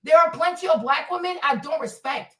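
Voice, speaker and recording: Woman on a stream ranting and cussing, high sharp voice, repeats herself a lot, echoey room and kinda far from the mic. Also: brisk. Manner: profane, confrontational, repeats insults. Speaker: streamer reacting to a clip. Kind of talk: livestream rant.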